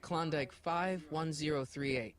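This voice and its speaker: A man voicing a quick-witted teenage boy hero in a video game, casual and wisecracking. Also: a little high, crowd noise, lightly acted. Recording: game audio with music behind.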